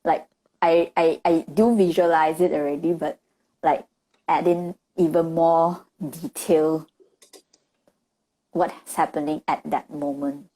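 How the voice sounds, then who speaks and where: A woman's voice: low-pitched, steady tone, takes it slowly, long pauses, warm tone, low-quality recording. A woman student singer answering her coach in an online masterclass, hesitant and searching for words, often giggling. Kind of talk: masterclass discussion. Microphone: video call.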